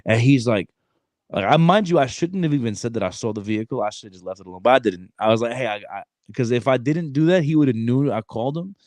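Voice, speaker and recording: A man in his thirties co-hosting a podcast, telling a story in animated, slang-heavy casual chat. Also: medium pitch, fast, dry recording. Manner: animated, streetwise slang, frequent "bro". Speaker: podcast co-host.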